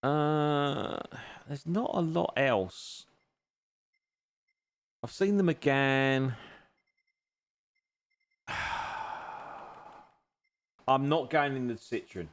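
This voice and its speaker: This man livestreams a racing game from his home sim racing rig, speaking slowly with long pauses in an expressive, medium-pitched voice. He jokes and teases with his viewers and thanks them as he goes, appreciative of the chat.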